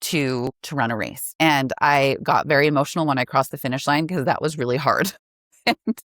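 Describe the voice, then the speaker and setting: A woman's voice: a bass voice, normal speed, a bit bright, no room sound, clean studio sound. A woman guest on a podcast, talking earnestly and casually about running, with lots of filler words. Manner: earnest, chatty, filler-heavy. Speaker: podcast guest, running store operating partner. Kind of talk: casual interview conversation.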